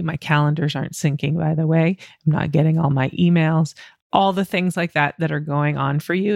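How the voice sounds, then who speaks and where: Candid woman podcast host, gravelly edge. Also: low voice, no echo, clean studio sound. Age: middle-aged. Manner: candid, self-deprecating, laughs often. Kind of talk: solo podcast, coaching monologue.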